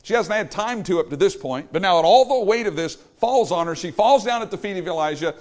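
A man's voice: high-pitched, lively intonation, fairly quick. Folksy male preacher retelling scripture. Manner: retells scripture in plain folksy terms, reads verses in King James wording. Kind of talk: sermon.

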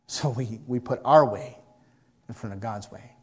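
A man preaching a sermon, telling a story with lively asides and acting out characters in excited voices. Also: mid-range voice, normal speed, breathy edge.

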